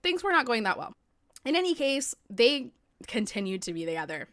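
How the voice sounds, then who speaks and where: A woman's voice: a little high, sing-song, a little fast, a bit bright, dry recording. Chatty woman podcast host, dry close mic. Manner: chatty, swears freely, heavy use of "like". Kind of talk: casual chat. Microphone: podcast microphone.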